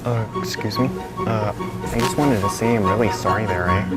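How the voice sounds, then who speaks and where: A man's voice: lowish voice, moderate pace, over loud music, pitched below the performer's own voice, natural voice. A teenage boy in a comedy sketch, putting on a Canadian accent to play an awkward man who keeps apologizing and adding "eh". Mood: apologetic. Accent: Canadian, put on. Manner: hesitant, sorry-sounding, tacks on "eh".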